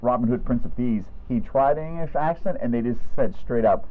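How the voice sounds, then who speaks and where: A man's voice: mid-range voice, animated, brisk. A man co-hosting a casual movie review chat, easygoing and jokey. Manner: easygoing, jokey, sings snatches of tunes. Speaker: podcast co-host. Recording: tinny phone-like sound.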